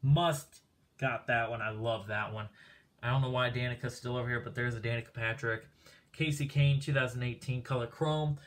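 A man's voice: mid-range voice, fairly even intonation, moderate pace, fairly bright tone. A man casually walking through his diecast car collection, rambling with lots of fillers and a bit out of breath.

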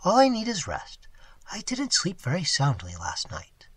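Nervous young woman in a storybook, soft and breathy, as a reader puts her on, husky tone. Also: mid-range voice, wildly swooping pitch, unhurried, no echo, voice pushed up, exaggerated voice. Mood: uneasy. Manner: soft, breathy, half-whispered.

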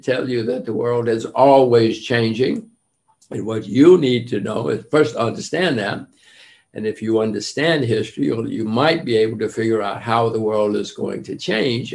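A man's voice: medium pitch, vocal fry, a little mellow. An older man giving a motivational lecture to students, emphatic and repeating his key points. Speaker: guest lecturer.

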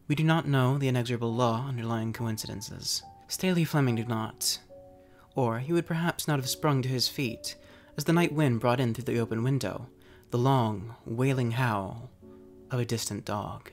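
Male narrator for a classic ghost story, measured pacing, mid-range voice, faint music under. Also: mid-range voice.

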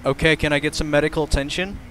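A man role-playing an awkward, deadpan troll in a game chat. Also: a little high, very fast, a crowd in the background. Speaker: streamer role-playing a character. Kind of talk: in-character role-play chat.

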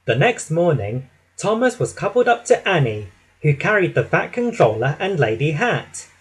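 A man narrates a children's storybook with lots of expression. His voice sits a little high and moves lively up and down, with a husky, breathy grain. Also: normal speed, poor audio.

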